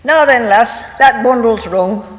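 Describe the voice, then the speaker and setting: Slow poetry reader in an echoey hall. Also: medium pitch. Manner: measured, deliberate reading. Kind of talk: dialect poetry reading.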